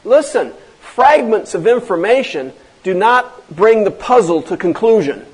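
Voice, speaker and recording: Emphatic male pastor, high-pitched, rhetorical sermon delivery. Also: very animated, measured pace, breathy edge, low-quality recording. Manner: emphatic preaching, many rhetorical questions.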